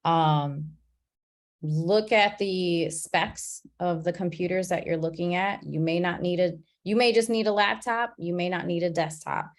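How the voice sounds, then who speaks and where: A woman leading an online class on a video call, talking in a relaxed, chatty way and laughing at her own slips. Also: on the low side, unhurried. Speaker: class facilitator.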